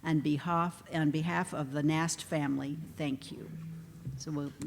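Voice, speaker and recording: A woman's voice: low-pitched, steady tone, unhurried, creaky. A woman hosting an awards ceremony, reading introductions of inductees and adding chatty asides. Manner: warm, chatty asides between scripted lines. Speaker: ceremony emcee. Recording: long hall reverb, faint background noise.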